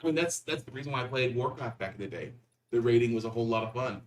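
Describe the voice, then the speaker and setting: A man co-hosting a casual gaming livestream, relaxed and playful, heard somewhat off-mic. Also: mid-range voice, a little hiss or hum. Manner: relaxed, playful, quick to laugh. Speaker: co-host. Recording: off-mic, slightly distant.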